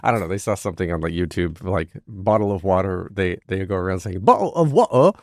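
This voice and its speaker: A man's voice: low-pitched, steady tone, quick pace, darkish tone, no room sound, clean studio sound. A man hosting a theatre podcast, chatting casually with a playful, self-deprecating manner. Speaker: podcast host. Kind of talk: casual interview chat.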